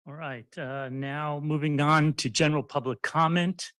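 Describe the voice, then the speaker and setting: A man's voice: fairly high pitch, moderate pace, dry recording. Man chairing a council meeting. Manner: relaxed, informal, with fillers. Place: council chamber.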